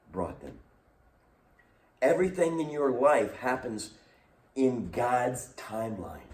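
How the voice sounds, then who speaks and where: A man's voice: mid-range voice, a little mellow. A man leading a recorded youth lesson as youth pastor, teaching in an earnest, emphatic way. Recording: roomy echo, distant mic.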